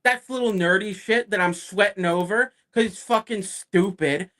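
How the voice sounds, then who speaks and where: A man on a casual podcast, ranting in a fairly high voice and swearing freely. He talks with animated energy and slips into quick impressions of other people as he tells the story. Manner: mimics other people in quoted lines. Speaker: podcast co-host.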